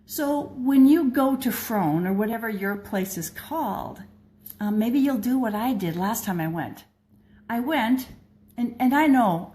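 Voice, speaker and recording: A woman's voice: a little high, dark tone. An older woman from the American Midwest, speaking to her readers in an earnest, personal reflection with frequent restarts. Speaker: blogger and speaker.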